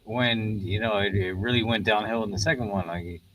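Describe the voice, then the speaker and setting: A man's voice: on the low side, normal speed, fairly bright tone, a little hiss or hum, poor audio. A man co-hosting a podcast, laid-back, chiming in with short comments and jokes about a movie. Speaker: podcast co-host. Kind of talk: casual movie review chat.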